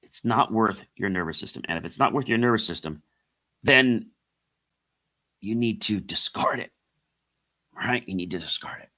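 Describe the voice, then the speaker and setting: Motivational host, middle-aged man, forceful bright voice, calls the audience "guys.". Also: fairly low pitch, moderate pace, pauses often. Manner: repeats key phrases, asks rhetorical questions; addresses listeners as guys. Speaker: podcast host and coach. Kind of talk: motivational monologue.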